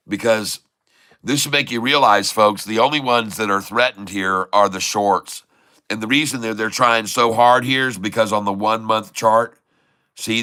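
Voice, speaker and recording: Pitched fairly low with a clean tone, a male host of a stock trading channel gives hyped-up live commentary on the market. He keeps taunting short sellers and reciting the same prices repeatedly, and the recording has no echo.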